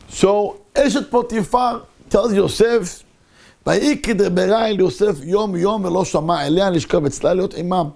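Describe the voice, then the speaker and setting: A rabbi teaches a Torah class, his voice pitched high and full of gravel. He acts out each figure's words with animated energy, then sinks low and intense to quote the verses. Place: synagogue.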